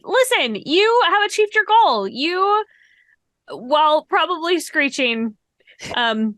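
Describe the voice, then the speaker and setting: A woman's voice: very high voice, very animated, slow, fairly bright tone, no room sound. A woman narrating as game master of a tabletop game, playful and laughing often.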